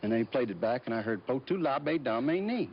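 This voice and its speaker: A man with a fairly low voice tells stories as a guest, pausing often and restarting his sentences. He is from Georgia. The recording is dull and lo-fi, with a faint hiss of noise underneath. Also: steady tone. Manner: halting, with many fillers and restarts. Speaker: guest actor. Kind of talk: casual interview storytelling.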